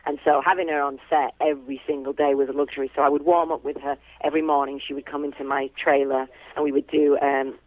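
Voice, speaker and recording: A woman actress chatting as a guest, warm and chatty with lots of fillers and easy laughs. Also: deep voice, little pitch movement, quick pace, few pauses, no room sound. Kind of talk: casual phone interview. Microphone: telephone. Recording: tinny phone line.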